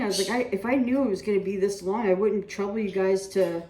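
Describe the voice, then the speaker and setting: A woman's voice: mid-range voice, fairly even intonation, fast, hardly any pauses, mellow, distant mic. Chatty woman cooking in an echoey kitchen. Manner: chatty, rambling anecdotes with reenacted dialogue. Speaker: cooking show host. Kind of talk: casual cooking vlog storytelling. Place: home kitchen. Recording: roomy kitchen audio from off-mic.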